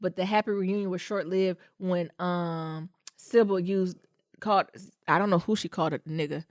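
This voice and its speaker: A woman co-hosting a podcast in casual chat, animated and joking, with lots of exclamations. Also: lowish voice, moderate pace, dry recording, studio quality. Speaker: podcast co-host.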